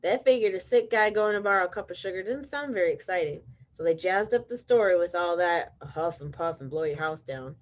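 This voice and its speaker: A woman's voice: lowish voice, animated, a little fast, close to an everyday voice. A woman reading aloud as a sneezy, self-pitying male wolf telling his side of the story, with wry storybook asides.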